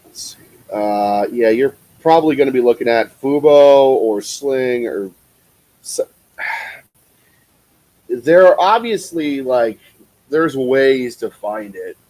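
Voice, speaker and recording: A man's voice: mid-range voice, lively intonation, slow pace, pauses often, darkish tone, poor audio. A man from the Cincinnati area doing casual, profane play-by-play commentary on a live stream, chatting with viewers in between.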